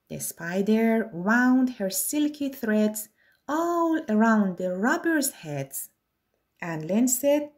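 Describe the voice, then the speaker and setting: A woman's voice: on the high side, sing-song, drawn-out words, darkish tone. A woman reading a rhyming children's picture book aloud in a sing-song way. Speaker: storyteller.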